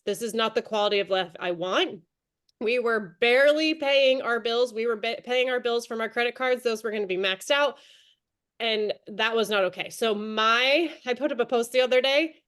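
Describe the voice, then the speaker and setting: A woman's voice: fairly high pitch, fairly bright tone, clear, resonant tone. A woman in her thirties leading an online team training call, chatty and encouraging, calling on attendees by name. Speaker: direct sales team leader.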